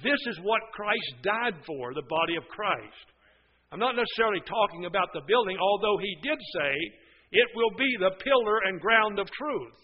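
A man's voice: sits high, lively intonation, normal speed, muffled recording. A man preaching a sermon in an earnest way, swelling into emphatic bursts.

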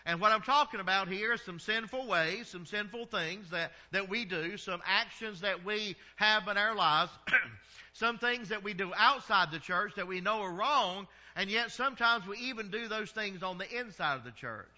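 A man's voice: high voice, moderate pace, sharp tone, muffled recording. A middle-aged man with a Southern American accent preaching a sermon in a folksy way, drawing out his vowels and chuckling at his own stories. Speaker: pastor.

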